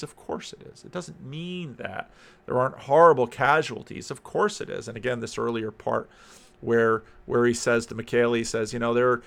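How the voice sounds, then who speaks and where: A man's voice: mid-range voice, vocal fry. A man who is a Christian minister, giving reflective video commentary and thinking aloud, often repeating words and phrases.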